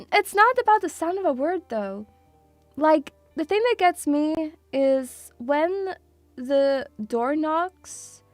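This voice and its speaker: A woman's voice: high-pitched, dry recording. A woman streaming casually to her viewers, chatty and self-mocking, swearing freely and laughing often as she talks through a quiz. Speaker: VTuber streamer. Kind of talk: casual live-stream chat.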